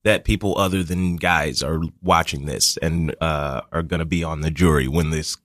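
A man's voice: extremely low pitch, fairly even intonation, moderate pace, fairly bright tone, dry recording. A man co-hosting a casual chat show, with a wry, dry sense of humor. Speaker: podcast co-host.

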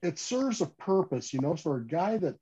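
A man's voice: a little high, moderate pace, slightly rough. Chatty storytelling man, slightly dull audio. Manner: animated storyteller, frequent restarts and "you know". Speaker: fishing gear company guest. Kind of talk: casual podcast interview storytelling.

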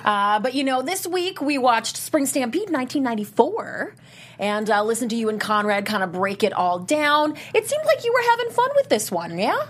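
Upbeat, fairly high-voiced woman host. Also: sing-song, normal speed, a bit bright. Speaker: podcast host. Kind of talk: casual podcast chat.

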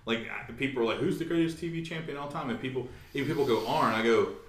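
Male co-host, mid-pitched voice, wry conversational tone, echoey room. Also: fast, fairly bright tone. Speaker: podcast co-host. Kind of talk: casual chat.

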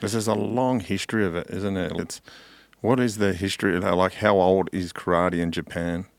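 Gravelly deep-voiced host. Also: male voice, steady tone, fairly quick, no echo. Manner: brief prompting, mostly listening. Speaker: podcast host. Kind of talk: casual interview.

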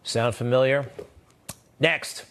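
A man hosting a TV news show, delivering sarcastic, animated commentary that leaps upward in pitch for emphasis. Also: slow pace, background noise. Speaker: TV news host.

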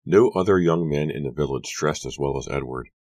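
Man with a very deep narrating voice. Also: brisk, no room sound. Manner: hushed, suspenseful storytelling. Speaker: audiobook narrator. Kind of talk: dramatic horror audiobook narration.

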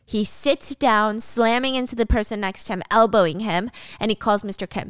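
A woman's voice: mid-range voice, steady tone, normal speed, few pauses, fairly bright tone, clean tone, no room sound. A woman casually retelling a drama plot in a chatty, slangy way into a close mic. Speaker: drama recap narrator. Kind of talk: casual story recap.

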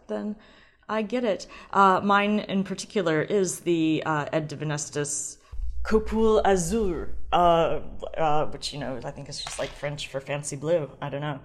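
A woman's voice: on the low side, normal speed. A woman sommelier hosting a solo wine podcast, chatting casually and playfully, drifting into tangents.

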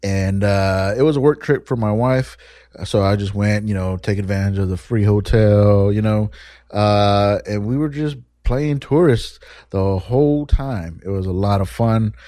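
Man, podcast host, solo monologue, rambling, candid, swears, low mellow voice, dry close sound. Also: a little slow, no echo.

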